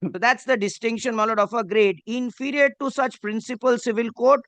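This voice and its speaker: With an extremely high pitch and a steady tone, a man speaks fairly quickly and a bit brightly in a dry recording. He argues a courtroom case before a judge in Bengali-accented Indian English, deferential, reading clauses aloud and constantly saying "my lord".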